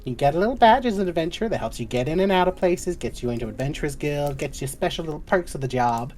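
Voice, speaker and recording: A woman's voice: sits low, expressive, fast, darkish tone, soft background music. A woman voicing a chatty, fussing female guild receptionist who calls everyone doll and sweetie. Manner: fussy and doting, calls people doll, sweetie and babe.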